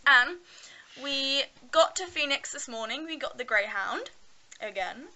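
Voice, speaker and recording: A woman's voice: high-pitched, lively intonation, measured pace, pushed and bright, rough recording. A young woman chatting in a casual vlog, bubbly and giggly, filming herself at arm's length. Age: young adult. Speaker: vlogger.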